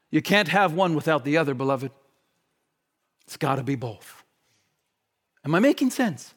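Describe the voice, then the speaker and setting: A man preaching a sermon, shifting between fervent, shouted appeals and quiet, hushed stretches. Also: on the high side, expressive, moderate pace, long pauses. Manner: impassioned, swings from shouting to hushed.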